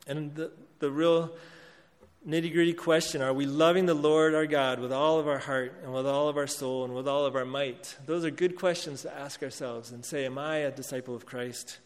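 A man's voice: a little high, fairly even intonation, moderate pace. Earnest male pastor preaching in a reverberant hall. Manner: earnest, reads scripture aloud with rising emphasis. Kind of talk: sermon.

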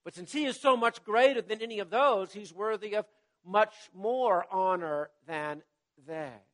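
A man preaching a sermon to his congregation and reading scripture aloud, measured and emphatic, his voice dropping away at the end of phrases. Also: high voice, a bit bright. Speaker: pastor.

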